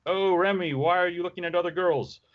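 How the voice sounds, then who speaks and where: A man's voice: sits high, steady tone, a little fast, narrow, tinny audio, voice pushed up, natural voice. Rogue, a coy southern heroine as a man puts her on. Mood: flirty teasing.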